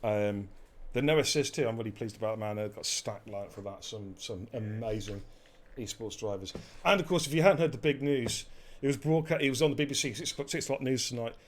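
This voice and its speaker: A man's voice: mid-range voice, fairly quick, a little hiss or hum. Jokey man commentating esports racing. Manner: jokey, swears freely, energetic. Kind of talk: live esports race commentary with banter.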